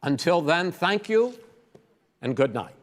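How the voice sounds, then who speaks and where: A man moderating a televised debate, giving formal, measured closing remarks. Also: on the high side, sing-song, big-room sound. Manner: firm, measured.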